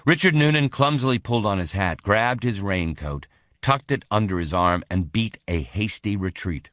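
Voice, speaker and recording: A man narrating an audiobook with an expressive, dramatic reading. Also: fairly low pitch, normal speed, no echo, studio quality.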